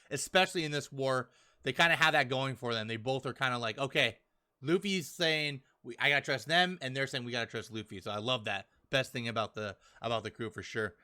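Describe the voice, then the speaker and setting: A man hosting a casual podcast, excitedly recapping a comic chapter and acting out the characters' lines in quick bits, with frequent laughs. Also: on the high side. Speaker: podcast host reviewing a manga chapter.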